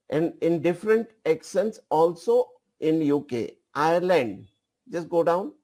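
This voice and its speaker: Slow-talking man demonstrating an app. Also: fairly high pitch, warm tone. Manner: repeats phrases, directs an assistant at the controls. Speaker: software trainer. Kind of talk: live software demonstration.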